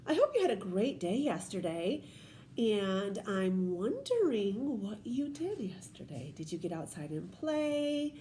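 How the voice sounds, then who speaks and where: A woman teacher in her thirties, leading a children's read-aloud lesson in an animated, questioning and encouraging way. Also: mid-range voice, unhurried, slight background noise.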